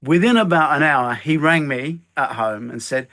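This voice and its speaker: A man's voice: a little high, normal speed, hardly any pauses. An older man, a guest telling stories in an interview and acting out the lines he quotes. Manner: animated, acts out quoted lines. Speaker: guest, stuntman and filmmaker. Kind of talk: storytelling interview chat.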